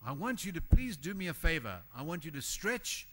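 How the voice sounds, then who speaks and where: With a voice on the high side and a moderate pace, a man gives a motivational keynote at a conference hall. He stays animated and emphatic, voicing the people he quotes as he goes.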